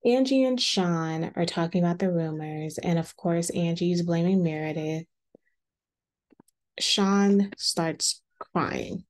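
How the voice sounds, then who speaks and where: A woman's voice: fairly low pitch, slow. A woman casually recapping a reality TV episode, chatty and acting out the quotes. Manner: chatty, acts out quotes in a lively voice.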